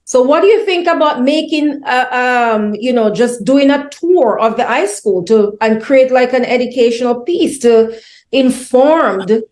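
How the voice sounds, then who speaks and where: A woman's voice: sits high, lively intonation, a little slow, a little mellow, echoey room. A woman interviewer asking long questions in a hesitant way, full of fillers. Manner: hesitant, filler-heavy phrasing.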